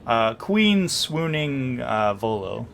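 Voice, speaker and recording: A man narrating a tabletop game as game master, with frequent pauses and fillers. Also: medium pitch, very animated, gravelly, fairly bright tone, a little hiss or hum. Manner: hesitant, filler-heavy narration.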